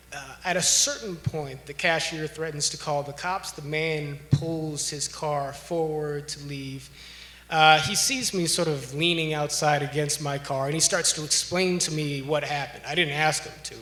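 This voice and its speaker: A man from Los Angeles telling a personal story to an audience, relaxed and conversational with frequent ums. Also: on the high side. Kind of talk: storytelling speech. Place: large hotel ballroom. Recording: echoey ballroom.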